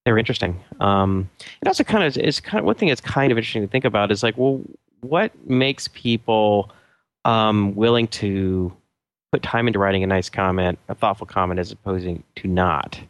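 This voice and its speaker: A man co-hosting a podcast, talking in a thoughtful, halting way with many restarts. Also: fairly low pitch, dry recording. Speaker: podcast co-host. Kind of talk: casual chat.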